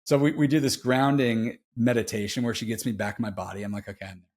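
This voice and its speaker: A man's voice: medium pitch, quick pace, darkish tone. A man guest on a podcast, telling a personal story in a casual, candid way, often saying "dude" and restarting his sentences.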